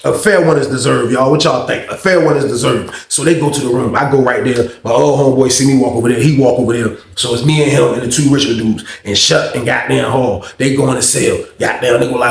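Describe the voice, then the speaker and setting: A man's voice: mid-range voice, fast talker, gravelly, echoey room. A man telling a story from his time in prison in a casual storytime monologue, acting out the quoted lines in a raised voice and swearing freely. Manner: animated, acts out quotes in a raised voice, heavy profanity. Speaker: storyteller recounting prison life.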